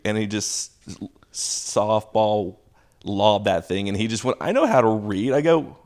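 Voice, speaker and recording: A man in his thirties, a stand-up comic and drama teacher, telling stories casually and acting out quotes in a higher pitch. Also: brisk. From Houston, Texas. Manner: animated storytelling, acting out quotes with a jump in pitch. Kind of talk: casual storytelling.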